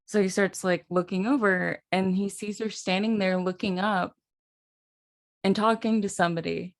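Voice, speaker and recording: A woman podcast host chats casually and laughs as she shares a creepy family story. Her voice sits at an ordinary middle pitch. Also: steady tone, normal speed. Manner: chatty, laughs while telling stories. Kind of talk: casual chat.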